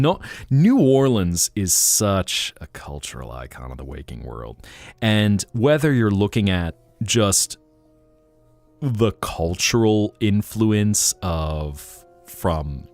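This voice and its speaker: A man's voice: deep voice, darkish tone. A man hosting a casual late-night livestream, chatting playfully and dipping into accents as he talks. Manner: playful, slips into accent bits while musing. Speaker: livestream host.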